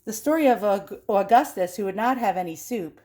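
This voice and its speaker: A woman's voice: mid-range voice, expressive, brisk, mellow. Woman, amused, laughing, reading a storybook aloud, chatty commentary. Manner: amused, laughs often, exclaims at the pictures. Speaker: video host.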